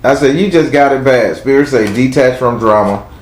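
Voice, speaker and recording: A man's voice: mid-range voice, normal speed, roomy sound, slight background noise, rough recording. A man with a Southern US accent giving a live tarot reading to a caller, blunt and chatty, talking aloud to spirits as he goes. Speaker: tarot reader.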